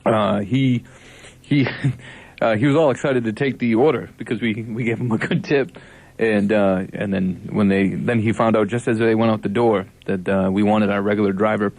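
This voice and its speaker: A man's voice: fairly low pitch, fairly even intonation, moderate pace, a little mellow, dry recording. A male college radio co-host chatting loosely in a campus studio. He rambles, jokes, and restarts his sentences constantly, filling the gaps with ums and likes. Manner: rambling, joking, many fillers and restarts. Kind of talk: casual on-air banter.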